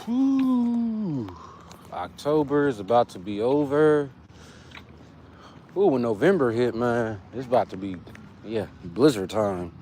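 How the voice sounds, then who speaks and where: A man's voice: medium pitch, expressive, slow, long pauses, dark tone, slight background noise. Chatty California man on a livestream. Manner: laid-back, chatty, greets viewers by name. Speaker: fitness livestream host. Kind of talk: casual livestream chat with viewers.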